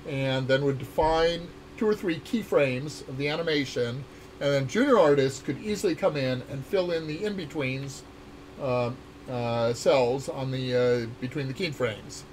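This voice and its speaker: Older male game designer, easygoing rambling chat, mid pitch, faint hiss behind. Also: moderate pace, darkish tone. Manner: rambling, many fillers and restarts. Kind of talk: casual dev chat.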